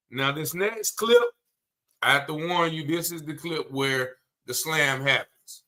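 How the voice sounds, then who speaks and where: A man's voice: a little high, normal speed, pushed and bright. A man commenting on a video, emphatic and blunt, repeating his points with indignation.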